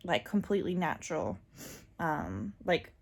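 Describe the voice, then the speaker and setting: A woman with a low, gravelly voice talks openly to her viewers in a casual vlog. She rambles a little and fills pauses with ums and likes. Her tone stays frank and personal. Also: sing-song. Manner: chatty and candid, many fillers, laughs often. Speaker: vlogger.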